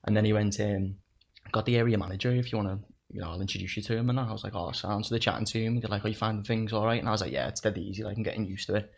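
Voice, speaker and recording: A man's voice: on the low side, fairly even intonation, very fast, vocal fry, a little hiss or hum. A young man, telling stories in casual chat, swearing and laughing along with himself. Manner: swearing, laughing through his own stories. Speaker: podcast guest.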